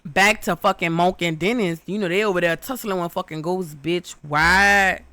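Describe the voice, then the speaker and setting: A young woman recapping a horror movie in loud, brash, profane comedic storytelling. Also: fairly low pitch, steady tone, normal speed, no room sound.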